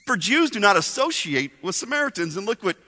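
A man's voice: high-pitched, sing-song, brisk, sharp tone. A man preaching a sermon, storytelling with asides to the congregation, in a reverberant hall.

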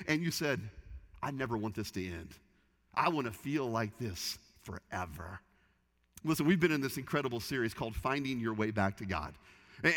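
Bright-voiced pastor in a reverberant hall. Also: male voice, a little high. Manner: lively storytelling with repeated restarts. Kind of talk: sermon. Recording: long reverb of a large hall.

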